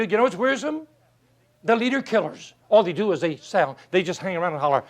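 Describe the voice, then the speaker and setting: Very animated and a little fast, this high-voiced man gives a folksy motivational speech, telling stories and firing off rhetorical questions with real emphasis.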